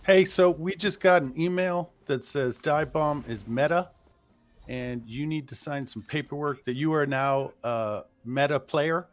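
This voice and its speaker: Deadpan man making a mock announcement. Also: on the high side, unhurried. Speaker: co-streamer.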